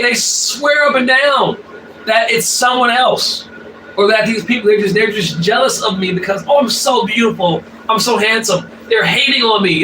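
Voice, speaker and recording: Man, bright and sharp-toned, casual profane monologue; roomy distant mic, faint ambience. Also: extremely high pitch, slight background noise. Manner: blunt, profane, repetitive, many fillers. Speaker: spiritual vlogger.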